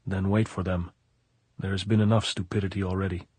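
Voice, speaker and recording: A quiet, weary army lieutenant who reasons calmly, as a male reader gives him voice. The tone is low and husky, recorded dry and close. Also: dry recording. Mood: calm, tense. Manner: calm, measured, reasoning.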